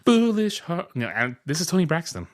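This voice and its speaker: A man's voice: on the high side, big pitch swings, moderate pace, no echo, clean studio sound. A man co-hosting a podcast in casual chat, joking and laughing often. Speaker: podcast co-host.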